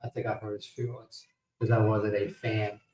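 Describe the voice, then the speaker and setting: A man's voice: lowish voice, little pitch movement, normal speed, darkish tone, roomy sound, poor audio. A middle-aged man hosting a livestream, telling stories in casual chat and laughing at his own punchlines. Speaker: livestream host.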